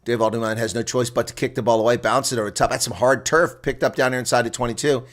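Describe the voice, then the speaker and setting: Man, mid-range voice, solo live rugby reaction caller, excitable and chatty. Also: mid-range voice, quick pace. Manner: excitable, exclaiming, chatty asides to viewers. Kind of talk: live reaction play-by-play commentary.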